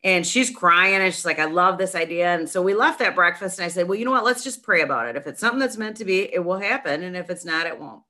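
A middle-aged woman telling a long story in a casual interview, chatty and animated, with many restarts. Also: lowish voice, fast talker, few pauses. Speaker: nonprofit founder, guest.

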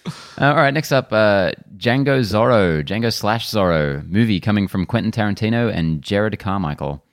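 A man's voice: fairly low pitch, lively intonation, moderate pace, no room sound. A man presenting film news on a studio podcast in an easygoing, chatty way. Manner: easygoing, laughs readily, reads out headlines. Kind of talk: casual film news chat.

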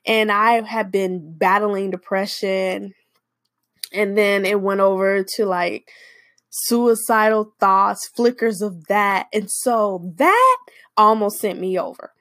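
Woman, small-business owner, unhurried expressive storyteller, dry close sound. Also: mid-range voice, dry recording. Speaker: hair care business owner. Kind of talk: personal storytelling.

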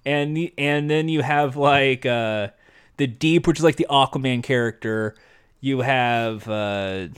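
A man chatting casually about a TV show with friends, animated and quick to laugh. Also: medium pitch, smooth. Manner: animated, laughs often, does mock voices. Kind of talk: casual chat reviewing a TV show.

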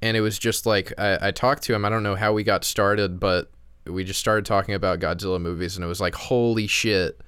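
A laid-back podcast co-host chatting casually and rambling along with plenty of restarts. His voice is a little low and smooth. The sound is dry and close, with no room around it. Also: level tone, brisk, fairly bright tone, dry recording. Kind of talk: casual chat. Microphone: remote call.

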